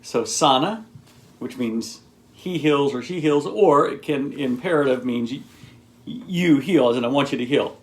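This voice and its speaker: A man's voice: medium pitch, unhurried. A man talking casually to camera, rambling and explaining in a teacherly way with lots of ums and asides. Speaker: video blogger.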